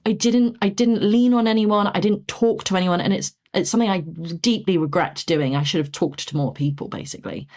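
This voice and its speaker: A woman's voice: medium pitch, brisk, hardly any pauses. A woman, a podcast guest telling her story in a conversational way and acting out what people said to her. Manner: animated, acts out quoted dialogue. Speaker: podcast guest, property investor.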